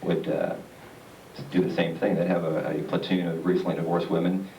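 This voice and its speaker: A man performing a stand-up comedy routine on a theatre stage, telling stories with deadpan punchlines. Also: low-pitched, normal speed. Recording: roomy, distant, noisy live stage recording.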